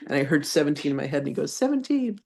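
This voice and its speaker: A woman with a low, gravelly, slightly rough voice talks at a racing pace and sounds congested. She's a reverend and psychic medium who chats through animated anecdotes, laughing often, before reading a channeled spiritual lesson.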